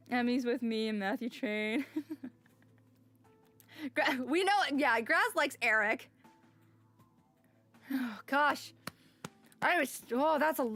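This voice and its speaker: High-pitched girl streaming a game, chatty and sighing, some music in the background. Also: a bit bright. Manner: chatty, with frequent sighs and exclamations. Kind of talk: casual live-stream chat and reading game text aloud. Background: faint music.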